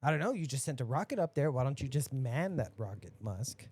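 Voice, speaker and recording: A podcast host, a man, ranting casually and profanely, dropping to mutters and then bursting out loud. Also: mid-range voice, sing-song, fairly quick, husky. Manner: profane, ranting, swings between mutters and outbursts.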